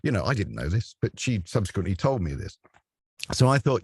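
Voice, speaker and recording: A man's voice: on the low side, big pitch swings, brisk, darkish tone, breathy edge, no echo. Chatty, laughing male radio presenter. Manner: chatty storyteller who laughs often and acts out voices. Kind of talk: relaxed anecdotal interview chat.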